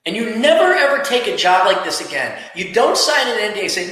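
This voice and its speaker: A man's voice: high voice, big pitch swings, a little fast, bright, forceful tone. A man hosting a podcast, giving blunt, profane career advice in a casual rant. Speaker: podcast host. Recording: echoey room with long reverb.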